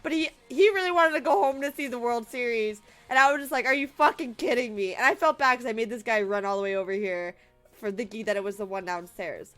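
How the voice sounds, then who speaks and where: Young woman, high voice, rambling emotional storyteller, laughs through tears, faint music behind. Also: fast, fairly bright tone. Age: late 20s. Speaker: streamer. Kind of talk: casual storytelling to viewers.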